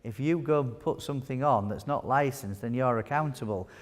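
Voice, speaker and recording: A long hall reverb hangs over this recording of a wound care nurse presenter teaching live before an audience in a large hall. His voice is medium in pitch and a little fast, and he keeps things chatty and jokey, quizzing his listeners.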